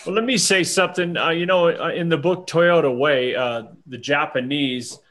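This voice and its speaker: Guy hosting a chat, slightly high voice, explains stuff at length, light hiss. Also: fairly bright tone. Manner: conversational, drawn-out explanations. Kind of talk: casual group chat.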